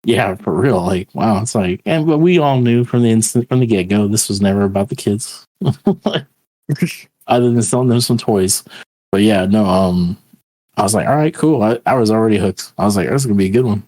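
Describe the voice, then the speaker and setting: A man's voice: fairly low pitch, moderate pace, dark tone. A man co-hosting a podcast, chatting loosely and profanely, retelling scenes with a laugh. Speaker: podcast co-host. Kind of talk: casual chat.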